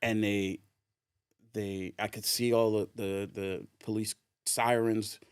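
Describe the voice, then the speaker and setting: Animated man telling a story. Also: on the low side, takes it slowly, clear, resonant tone, dry recording, clean studio sound. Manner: animated storyteller who laughs often. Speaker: podcast guest. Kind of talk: casual anecdote telling.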